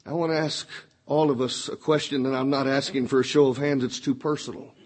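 A man preaching a sermon, rising high when he quotes scripture and dropping low and soft for personal points. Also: fairly even intonation, fairly quick.

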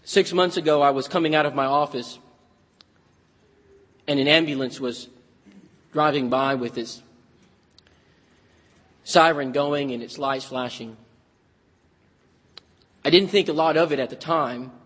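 A man's voice: on the high side, unhurried, pauses often, fairly bright tone, long reverb tail. A man preaching a sermon, moving from folksy humor into earnest, dramatic storytelling.

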